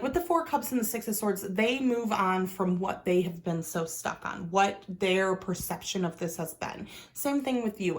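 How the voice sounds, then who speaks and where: Woman tarot reader, casual and rambling, mid-range pitch, lots of fillers. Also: low-quality recording. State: hiccups. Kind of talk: casual pick-a-card tarot reading.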